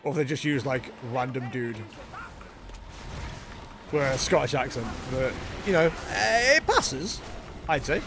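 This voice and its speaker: A man's voice: medium pitch, normal speed, pauses often, music in the background. A young man giving casual, jokey gameplay commentary as a streamer, chatting with his viewers. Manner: jokey, self-mocking, chatty with chat. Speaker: game streamer.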